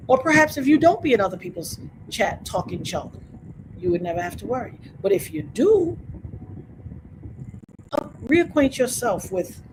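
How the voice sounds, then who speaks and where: A woman's voice: fairly high pitch, big pitch swings, moderate pace, long pauses, background noise. A woman hosting a livestream, talking straight to her viewers in an emphatic, preachy way. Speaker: livestream host. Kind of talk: casual livestream rant to chat.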